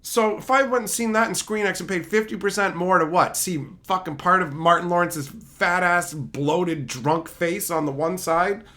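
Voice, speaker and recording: A man's voice: sits high, moderate pace, hardly any pauses, pushed and bright. A man streaming live, ranting sarcastically and profanely while answering chat. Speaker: streamer reviewing and chatting. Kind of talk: casual livestream rant.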